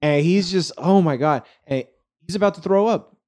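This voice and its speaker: A man's voice: sits high, normal speed. A young man casually telling a rowdy party story to friends, swearing, laughing and acting out what people said. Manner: animated, laughing, swearing, acts out quotes.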